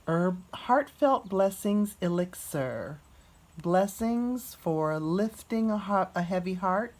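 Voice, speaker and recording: A woman vlogging as she unboxes a gift at home, talking softly and gushing with gratitude. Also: medium pitch, lively intonation. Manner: slow, soft-spoken and gushing with gratitude. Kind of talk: casual unboxing narration.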